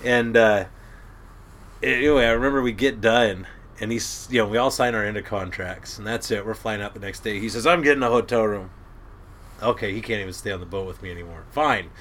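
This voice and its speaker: Middle-aged man, boat captain type, gruff and animated storyteller, forceful tone. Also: lowish voice, brisk, slight background noise. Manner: gruff, animated storyteller who laughs at his own tales. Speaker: crab boat captain, guest. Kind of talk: casual storytelling.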